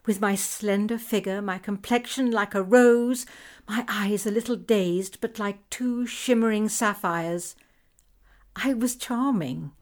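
Slow, expressive woman reading a story. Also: medium pitch. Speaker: audiobook reader. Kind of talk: scripted narration of letters.

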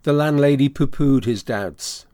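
A man narrating a classic novel as an audiobook, with a steady, even storytelling delivery. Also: mid-range voice, a little slow, no echo.

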